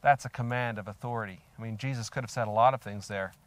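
An older man gives a sermon in an earnest, reflective way, often turning to ask his listeners direct questions. His voice sits at an ordinary middle pitch. The recording is dry and close, with almost no room sound. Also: fairly even intonation, fast, no room sound. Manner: reads scripture aloud with rising emphasis. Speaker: preacher. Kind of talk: sermon on a scripture passage.

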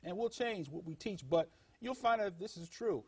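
A man with a fairly high, husky voice teaches with strong emphasis, slowing down and leaning on key words. He urges his listeners to think and look things up. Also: expressive, a little mellow. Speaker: guest teacher. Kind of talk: religious teaching in conversation.

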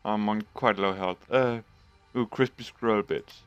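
A man hosts his own gaming video and comments on his play as it happens. His voice is smooth and clear and his pace is unhurried, though he breaks into loud swearing whenever the game surprises him. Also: on the low side, no room sound, dull audio, faint music behind. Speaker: gaming channel host.

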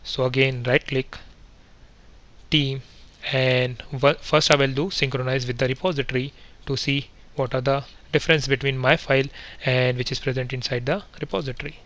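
A man teaching software testing in a screen-recorded coding tutorial, explaining each step methodically with fillers and self-corrections. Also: mid-range voice, fairly even intonation, moderate pace.

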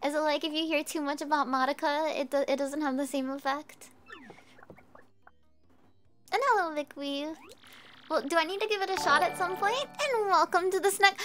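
A woman streamer chatting casually with viewers while she plays a game, bubbly and quick to giggle. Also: high-pitched. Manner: bubbly, giggly, easily excited. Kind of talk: casual gameplay chat.

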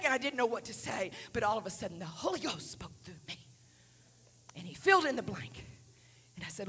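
A woman in her sixties preaching a testimony sermon in a church, dropping to hushed near-whispers and rising to fervent shouts. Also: medium pitch, lively intonation, fast talker, big-room sound. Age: 60s. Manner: breaks into speaking in tongues. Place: large church sanctuary.

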